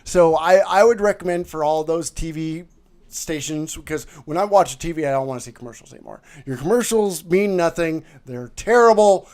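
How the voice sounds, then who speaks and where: A man's voice: on the high side, moderate pace, a little mellow. A man co-hosting a podcast in casual, comedic chat, rambling along with many fillers and jokes. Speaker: podcast co-host.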